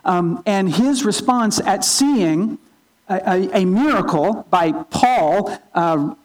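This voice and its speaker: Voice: lively intonation, slow pace, low-quality recording. A pastor giving a sermon in an earnest teaching tone, often restarting and repeating small words. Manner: opens with a quiet, low spoken prayer.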